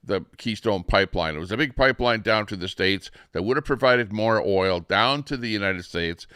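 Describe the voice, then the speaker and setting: A man's voice: lowish voice, moderate pace, sharp tone, clear, resonant tone, dry recording, studio quality. A man hosting a livestream, rambling through casual commentary with plenty of fillers and restarts. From Canada. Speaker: livestream host. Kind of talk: casual live-stream commentary.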